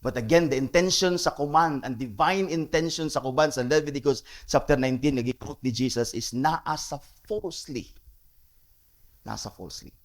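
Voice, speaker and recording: A man's voice: medium pitch, normal speed. A man with a Cebuano Filipino accent preaching a sermon as pastor, mixing English and Cebuano and repeating key phrases for emphasis.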